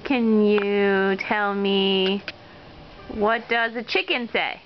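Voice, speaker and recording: Mother, sing-song baby talk, unhurried and coaxing, dull lo-fi home video with faint hiss. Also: medium pitch. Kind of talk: home video talking to a toddler.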